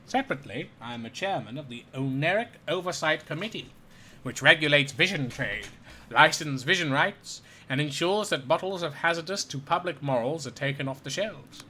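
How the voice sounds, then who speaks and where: A man's voice: a little high, expressive, normal speed, pushed and bright, slight background noise. A man voicing a pompous, theatrical male doctor with grand, formal manners, reading game dialogue aloud. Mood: grandly courteous.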